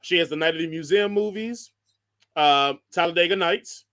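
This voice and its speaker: A man with a slightly high voice hosts a casual podcast chat. He jokes, laughs often and rambles through long lists. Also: normal speed, fairly bright tone. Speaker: podcast host.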